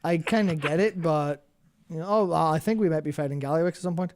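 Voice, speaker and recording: A man's voice: on the high side, fast, a little mellow, slight background noise. A tired man, co-hosting a casual live stream, rambling and swearing as he looks for things. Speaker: co-host.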